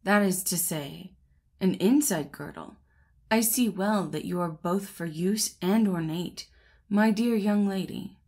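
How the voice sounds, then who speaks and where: A woman's voice: medium pitch, unhurried. A woman reading as a pompous boastful collar. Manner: pompous, gushing flattery. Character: vain boastful male shirt collar, flattering suitor.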